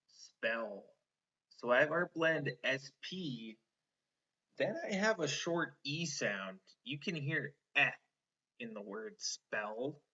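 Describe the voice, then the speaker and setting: Bright-voiced man teaching a phonics lesson. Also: medium pitch. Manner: slow, encouraging, stretches out sounds. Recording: slightly dull lo-fi online lesson audio.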